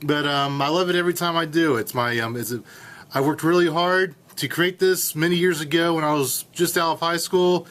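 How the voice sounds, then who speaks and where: Man, late twenties, college radio host, playful and hammy, slightly high voice. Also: brisk, fairly bright tone. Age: late 20s. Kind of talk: casual comedic radio hosting.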